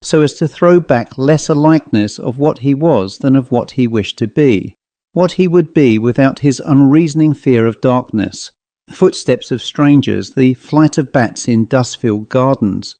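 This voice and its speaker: A man reading a short literary story aloud as an audiobook narrator, in a measured, even storytelling manner on a close microphone. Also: mid-range voice, no room sound.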